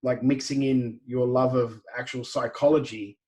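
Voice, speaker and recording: An Australian man hosting a podcast, asking casual, rambling questions in a relaxed conversational way. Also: medium pitch, moderate pace. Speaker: podcast host. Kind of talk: podcast interview.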